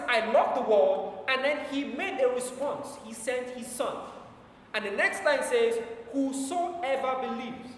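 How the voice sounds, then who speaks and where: A man preaching a sermon to his congregation, his voice rising and falling in volume and slowing deliberately on every scripture line. He is recorded from a distance in a very echoey hall with a long reverb tail and a faint hum of the room behind him. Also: extremely high pitch, a bit bright. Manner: emphatic, slows down for scripture quotes, volume rises and falls. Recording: echoey church hall from far off.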